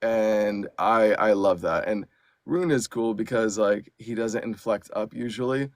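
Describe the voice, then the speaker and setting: A man, an audiobook narrator and actor, chatting as a podcast guest in an animated way with lots of fillers. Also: fairly low pitch, unhurried, dry recording, clean studio sound. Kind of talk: casual podcast chat.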